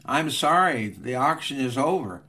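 A man's voice: medium pitch, lively intonation, normal speed, sharp tone. A man voicing a persistent male auctioneer who calls out bids insistently in a retold story. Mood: solemn.

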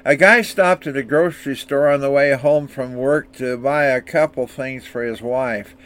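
A man's voice: mid-range voice, normal speed, a bit bright. An older man preaching a sermon, reading scripture and telling anecdotes in an earnest, storytelling way. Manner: earnest, storytelling delivery with small restarts. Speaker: pastor.

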